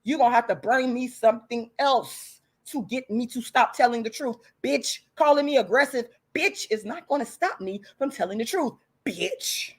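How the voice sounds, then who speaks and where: Fiery, profane woman ranting, fairly high voice. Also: moderate pace, hardly any pauses, breathy edge. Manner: angry, profane and emphatic; blunt and defiant, with repeated insults. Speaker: channel host. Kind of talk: heated livestream rant to viewers.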